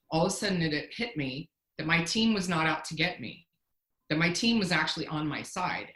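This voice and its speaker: A woman's voice: low voice, fairly bright tone, roomy sound, poor audio. A woman, a company founder, telling a candid, self-deprecating story in a casual interview, often restarting her sentences.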